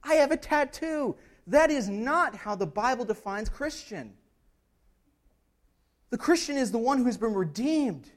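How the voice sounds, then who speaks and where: A man with a very high voice preaches an expository sermon as pastor. His manner is earnest and conversational, punctuated by "right?" check-ins and rising to emphatic passages.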